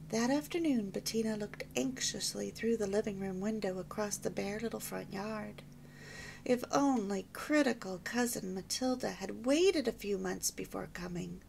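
A woman narrating an old-fashioned storybook in a soft, hushed way. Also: medium pitch, normal speed, vocal fry, slight background noise. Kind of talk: audiobook narration.

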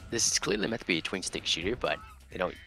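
A man's voice: low-pitched, wildly swooping pitch, fast talker, creaky, sharp tone, soft background music. A man commentating on a game race, laid-back and chuckling often.

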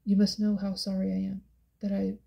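A woman voicing a brooding, intense young man in an audiobook, speaking softly and quietly, with a flat, gravelly, dark tone. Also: a little fast. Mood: soft, wry. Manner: soft, hushed and low-key. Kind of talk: audiobook character voice.

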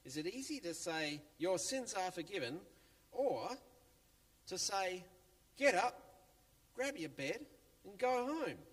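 A man doing a gentle, slow-spoken teacher. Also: sits high, big pitch swings, voice pushed up, exaggerated voice. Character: kind, gentle grown male teacher. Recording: long church reverb, faint music.

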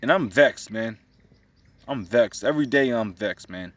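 Man, mid-pitched, irritated lay preacher, curses and repeats himself; mic set far off, birds behind. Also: lively intonation, unhurried. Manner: profane, repetitive, agitated. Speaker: religious commentator. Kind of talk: casual religious commentary.

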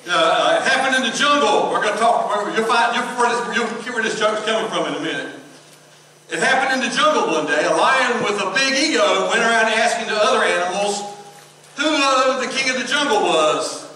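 Male pastor, bright high voice, call-and-response sermon, heard from a distance in a big reverberant hall. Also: lively intonation. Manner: call-and-response preaching, reads scripture slowly, tells jokes. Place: church sanctuary. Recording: echoey church hall from far off.

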